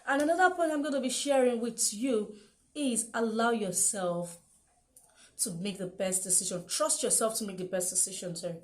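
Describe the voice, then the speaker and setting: Young woman doing a motivational self-help talk, emphatic, keeps repeating key lines. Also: medium pitch. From Nigeria. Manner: emphatic, repeats key phrases, rhetorical questions.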